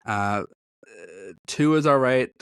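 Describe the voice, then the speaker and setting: A podcast co-host in casual chat rambles, jokes at his own expense, and laughs often. His mid-range voice is animated yet slow, fairly bright, clear and resonant. The recording is dry, with clean studio sound.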